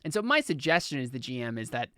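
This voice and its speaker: A young man guides his players through a tabletop game, piling up "like"s and self-corrections as he explains the world's lore. His voice is smooth and resonant. The recording is dry and close, with no room sound. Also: medium pitch, very animated, fast talker, fairly bright tone, no echo. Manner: rambling, full of "like" and "um" restarts. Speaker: game master.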